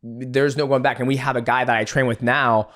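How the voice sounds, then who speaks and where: A man hosting a podcast, relaxed and chatty, often backing the guest with short replies and casual swearing. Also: mid-range voice, fairly quick. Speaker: podcast host. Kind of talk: casual interview chat.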